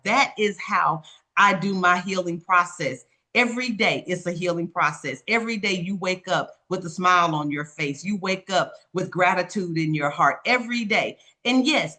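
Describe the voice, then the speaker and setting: A woman's voice: medium pitch, normal speed, sharp tone. A middle-aged woman, a life coach and author, sharing her story earnestly in an interview and repeating affirmations while speaking straight to her listeners. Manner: earnest, repetitive affirmations, addresses listeners directly. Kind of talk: personal testimony in an interview.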